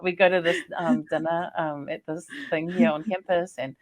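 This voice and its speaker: A woman from New Zealand with a New Zealand accent, a scholar telling stories in a chatty, animated way on a podcast call. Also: lowish voice, normal speed. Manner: chatty, animated storytelling with laughs. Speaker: guest, Māori scholar and poet. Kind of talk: casual podcast conversation.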